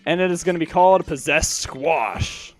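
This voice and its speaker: A man's voice: a little high, normal speed, soft background music. An eighteen-year-old man giving casual let's-play commentary, rambling with lots of fillers and restarts. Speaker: gaming channel host.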